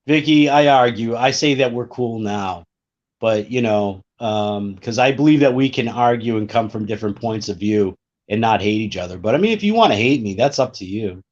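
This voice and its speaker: Calm male co-host on a dull mic. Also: on the low side, moderate pace. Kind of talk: casual livestream chat.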